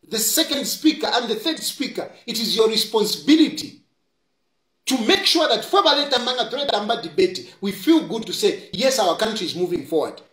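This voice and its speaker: This is a Zambian-accented political commentator giving scolding, impassioned remarks and hammering key lines by repeating them. The voice is medium in pitch with a fairly bright tone, recorded with roomy echo.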